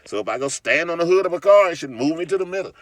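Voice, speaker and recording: A man's voice: fairly high pitch, expressive, rapid-fire, no room sound. A man delivering a heated, profane vlog rant, mocking his critics and often restarting or repeating words. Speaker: vlogger. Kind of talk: ranting vlog monologue.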